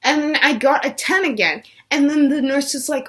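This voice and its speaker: A woman's voice: high voice, normal speed, hardly any pauses, a bit bright. A young woman vlogger telling a personal story in a casual chat, saying "like" a lot. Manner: chatty, says "like" a lot.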